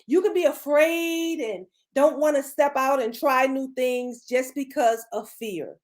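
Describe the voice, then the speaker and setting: High-voiced woman preaching with emphasis. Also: unhurried. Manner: preachy and emphatic, repeats phrases for effect. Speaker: podcast co-host. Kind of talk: motivational talk.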